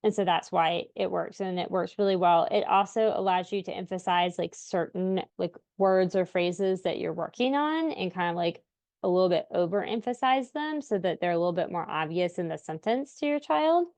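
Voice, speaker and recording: A woman's voice: lowish voice, moderate pace, a little mellow, no echo. A woman in her thirties, a parent of deaf children, giving parenting tips in a casual, chatty way, full of filler words and frequent laughs. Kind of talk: casual instructional talk to camera.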